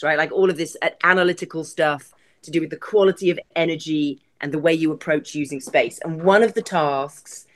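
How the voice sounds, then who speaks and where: A British woman from Britain, a guest on a podcast interview, chatting in a self-deprecating way and laughing easily. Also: sits low. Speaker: guest, arts executive director.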